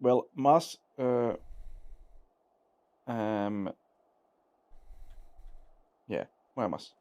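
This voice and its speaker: A man's voice: medium pitch, drawn-out words, a little mellow, clear, resonant tone, no room sound. A man with a British accent chatting casually on a live stream, explaining things in a laid-back way. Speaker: friend on stream. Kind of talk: casual chat.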